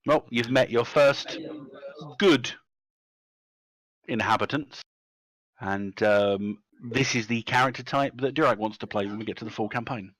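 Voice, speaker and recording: A man's voice: mid-range voice, measured pace, long pauses, a bit bright, no room sound, rough recording. Chatty man running a tabletop game. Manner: chatty and joking. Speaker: game master. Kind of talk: casual chat while running a tabletop game.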